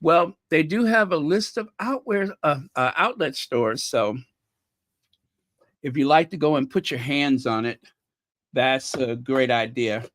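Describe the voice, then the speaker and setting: American guy rambling to his viewers, slow and a bit high, dry close sound. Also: animated, a bit bright, dry recording. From United States. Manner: rambling, chatty, playful, many fillers. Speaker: channel host. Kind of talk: casual chat to viewers.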